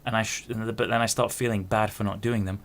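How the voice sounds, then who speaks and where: A man's voice: fairly low pitch, fairly even intonation, a little fast, creaky, fairly bright tone. A man in his twenties hosting a podcast, talking in a rambling, self-interrupting solo monologue with casual swearing. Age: 20s. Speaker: podcast host.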